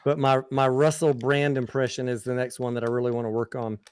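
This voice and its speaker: A man's voice: medium pitch, little pitch movement, brisk, a little mellow, smooth. A man hosting a casual live stream, reading chat aloud in a laid-back, joking way.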